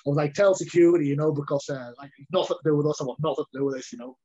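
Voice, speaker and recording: A man's voice: a little high, level tone, rapid-fire, mellow. A man, a heavyweight fighter telling a long story in a casual interview, rambling and repeating words. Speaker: heavyweight MMA fighter, guest. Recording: dull lo-fi audio.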